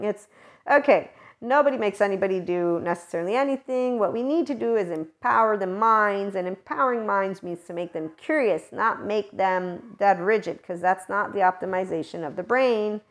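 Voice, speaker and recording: A woman talking alone to her viewers in a casual spiritual monologue, animated and emphatic, sometimes acting out quoted voices. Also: mid-range voice. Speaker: spiritual vlogger.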